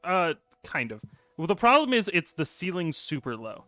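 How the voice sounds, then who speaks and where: A man running a tabletop game as game master, his voice bright and animated as he narrates. He keeps things loose and chatty, with faint music underneath. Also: fairly high pitch, normal speed, no room sound. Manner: laid-back, loose, chatty.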